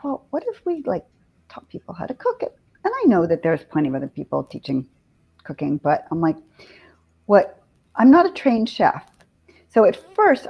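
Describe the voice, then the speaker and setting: A woman's voice: fairly low pitch, muffled recording. A woman guest in a casual interview, talking animatedly and quoting herself as she chats about cooking. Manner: chatty, animated, quotes herself with laughs. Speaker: guest, vegan cooking teacher.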